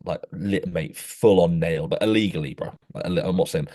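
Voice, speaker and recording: A man's voice: low voice, a little fast, mellow. A young man co-hosting a podcast, telling rambling laddish stories in casual chat and calling his friend "mate" constantly. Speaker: podcast co-host.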